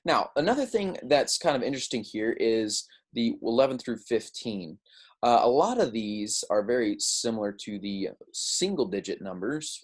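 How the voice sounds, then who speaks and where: A man teaching a beginner language lesson, patiently explaining and often checking in with "right?" and "okay?". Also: mid-range voice. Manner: says Spanish words slowly and clearly for the learner. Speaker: Spanish teacher.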